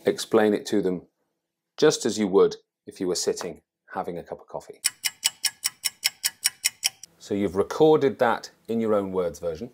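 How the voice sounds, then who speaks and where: A man's voice: low voice, moderate pace, pauses often, darkish tone. A man talking to camera as a presenting coach, conversational and thinking aloud as he explains. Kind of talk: teaching to camera.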